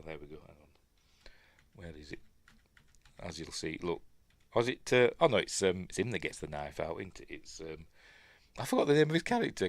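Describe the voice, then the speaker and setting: A man's voice: on the low side, fairly bright tone, no room sound. A man with a Yorkshire accent giving a casual film review, rambling and muttering asides to himself. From Yorkshire, England.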